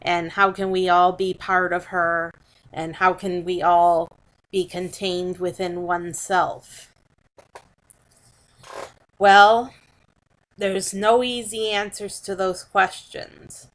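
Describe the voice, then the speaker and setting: Slow, bright-voiced woman giving a spiritual talk. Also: fairly low pitch, level tone, poor audio. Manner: slow and measured, repeating and restarting phrases. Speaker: spiritual teacher.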